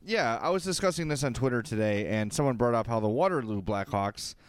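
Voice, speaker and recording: A sports podcast co-host from Illinois, giving opinionated hockey talk in an emphatic, repetitive, lecturing way. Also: male voice, mid-range voice, lively intonation, fairly quick, crowd noise. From Illinois, USA.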